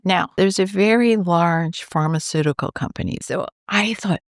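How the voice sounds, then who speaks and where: A woman's voice: fairly low pitch, normal speed, dry recording, studio quality. A woman from New York, a cancer researcher, telling a story in a podcast interview and acting out the voices of the people in it. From New York, USA. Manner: animated, acts out quoted dialogue.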